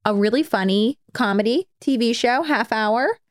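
A woman's voice: on the high side, moderate pace, no echo, studio quality. A young woman co-hosting a podcast in casual, chatty talk, rambling a little with fillers. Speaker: podcast co-host. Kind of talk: casual chat.

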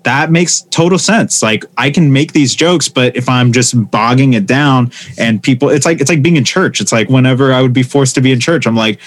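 A man, a stand-up comedian, talking casually and telling animated stories, acting out the voices of the people he quotes. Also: mid-range voice, normal speed, few pauses. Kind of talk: casual conversation.

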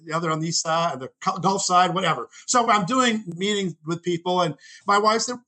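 A man in his sixties with a high, bright voice spins a rambling personal story as a guest. He stops often to correct himself. He acts out the people he quotes. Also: fairly quick, low-quality recording. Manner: rambling, self-correcting anecdotes. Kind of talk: storytelling in conversation.

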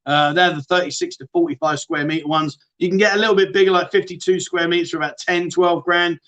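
British bloke hosting a livestream, fairly high voice, chatty and matey, keeps calling everyone mate. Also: male voice, fairly even intonation, fast, a bit bright, lo-fi sound. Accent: British English. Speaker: livestream host. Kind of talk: casual livestream chat reading viewer questions.

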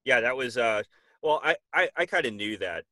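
A man's voice: mid-range voice, animated, moderate pace, sharp tone, no echo. A man as a guest on an interview show, speaking thoughtfully with many fillers and restarts. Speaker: guest, military veteran. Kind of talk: casual conversational interview.

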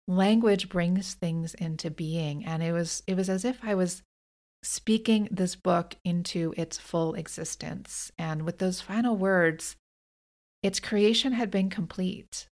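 A woman's voice: lowish voice, a little slow, darkish tone. A woman hosting her own podcast, talking in an earnest, reflective way and often restarting her sentences. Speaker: podcast host and author. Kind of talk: personal reflective monologue.

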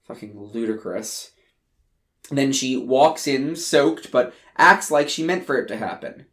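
A man's voice: mid-range voice, animated, a little slow. A man narrating a first-person story in a crude, emphatic way. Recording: roomy echo.

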